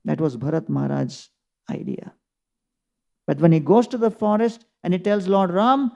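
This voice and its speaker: Earnest preacher, gravelly. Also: male voice, on the high side, expressive, moderate pace, a little mellow, highs cut off. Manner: earnest storytelling with emphatic rises. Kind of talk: sermon, scripture class.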